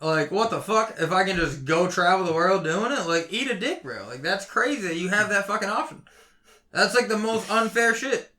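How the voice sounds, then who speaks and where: A young man ranting heatedly on a casual podcast, swearing constantly and swinging between loud outbursts and low mutters. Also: expressive, normal speed. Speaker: podcast co-host.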